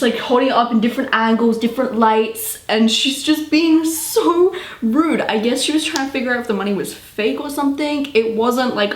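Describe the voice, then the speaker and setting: A young woman with a British accent telling a storytime vlog in an animated, exasperated way. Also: on the high side, echoey room. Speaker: vlogger.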